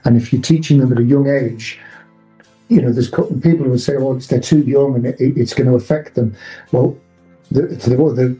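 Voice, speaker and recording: A man's voice: medium pitch, dark tone, rough recording. A man hosting a podcast, speaking in an emphatic, opinionated way with frequent restarts. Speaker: podcast host. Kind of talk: conversational podcast talk.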